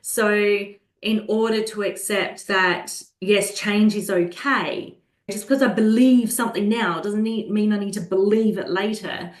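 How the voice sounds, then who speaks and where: A woman talks with calm, earnest warmth, at a middle pitch for a woman. Her voice carries a noticeable room echo. She sounds like a guest explaining her work in a relaxed interview. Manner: calm, earnest, slows down when acting out soothing a child. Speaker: guest, children's holistic health practitioner. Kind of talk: conversational interview. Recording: roomy echo.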